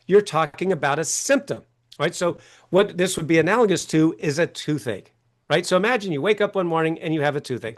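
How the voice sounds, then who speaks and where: A man's voice: fairly high pitch, animated, a little fast. A man guest on an interview show, talking emphatically, acting out quoted voices and often asking "right?". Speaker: author and coach, guest. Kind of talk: animated interview talk.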